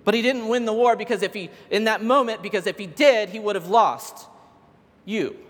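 High-voiced man preaching in a reverberant hall. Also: normal speed. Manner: casual storytelling, building to emphatic peaks. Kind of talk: sermon.

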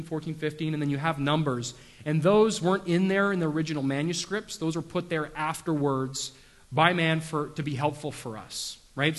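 A man preaching a sermon, telling stories casually with lots of fillers and self-deprecating humor. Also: fairly high pitch. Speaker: pastor. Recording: long hall reverb.

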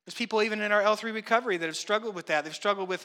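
A man's voice: high-pitched, rapid-fire, bright, forceful tone. A man preaching a sermon, reading scripture and then talking it through in a conversational way, acting out everyday voices. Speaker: pastor. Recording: long hall reverb.

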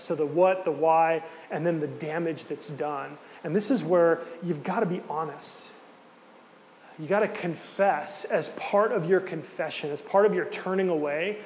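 A man giving a casual, conversational teaching talk with many fillers and asides. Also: fairly high pitch. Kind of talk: sermon-style teaching talk. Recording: hall reverb with faint background noise.

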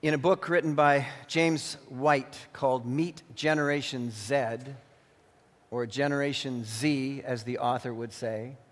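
A man's voice: medium pitch, steady tone, unhurried. A man preaching a sermon as pastor in an earnest, warning manner, also narrating a story. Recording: long hall reverb.

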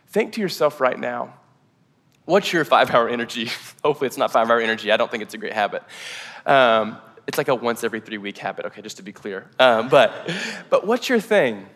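A man preaching a sermon in a church hall, casual and energetic, with lots of "like" fillers. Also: mid-range voice. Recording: long hall reverb.

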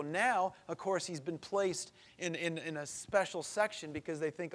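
A man's voice: on the high side, moderate pace, hardly any pauses, fairly bright tone. A middle-aged man preaching a sermon as pastor, earnest and building to impassioned pleas.

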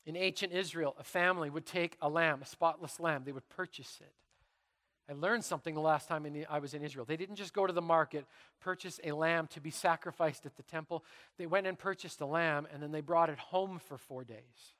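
A middle-aged man preaching a sermon in church, telling stories dramatically and dropping to a hush for emphasis. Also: on the high side, brisk, long reverb tail. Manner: dramatic, animated storytelling with sudden drops to quiet. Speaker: pastor.

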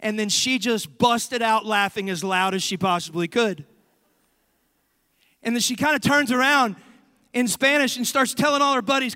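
A young man preaching with a high, bright voice that tells stories with lively emphasis and drawn-out key words. His voice sits close and dry on the mic. Behind it, a long reverb tail rings out through a large hall. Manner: animated storyteller, emphatic and drawn-out for stress. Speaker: pastor. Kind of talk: sermon. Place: church sanctuary.

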